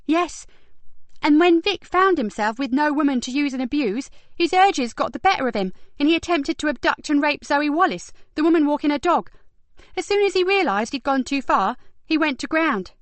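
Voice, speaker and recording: A woman reading an audiobook and voicing an earnest young female detective in a brisk, animated way. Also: sits high, no echo, pitched above the performer's own voice.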